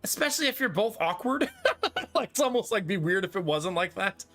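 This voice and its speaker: A man's voice: high-pitched, animated, a little fast, a bit bright. A man in his thirties chatting casually with his live-stream chat while playing a card game, laughing often. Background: faint game music.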